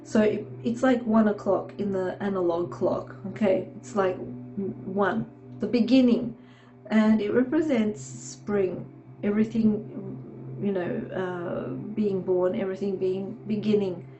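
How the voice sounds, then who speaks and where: Stuffy-nosed woman giving a slow tarot reading. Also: mid-range voice, fairly even intonation, mellow, muffled recording, soft background music. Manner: meandering, reassuring, frequent "okay". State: nasal from a cold. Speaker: tarot reader. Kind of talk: casual tarot reading to camera.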